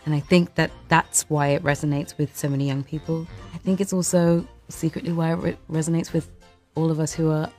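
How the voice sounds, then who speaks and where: A woman with a slightly lower voice speaks earnestly about her role in a press interview. She is thoughtful and measured as she answers. Faint music plays behind her. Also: level tone, a little mellow. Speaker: actress guest.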